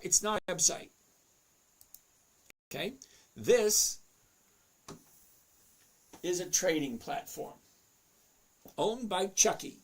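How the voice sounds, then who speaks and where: A man's voice: sits high, animated, takes it slowly, long pauses. A man hosting a casual livestream, chatty, reading out viewers' names and questions and muttering to himself as he looks over charts. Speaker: livestream host answering chat.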